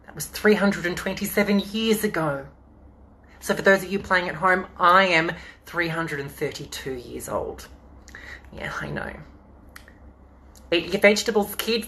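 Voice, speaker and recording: A man's voice: sits high, bright, forceful tone. A man with an Australian accent reading children's books aloud as a drag queen during a live-streamed storytime from home into a phone, chatting in a playful, campy way between pages.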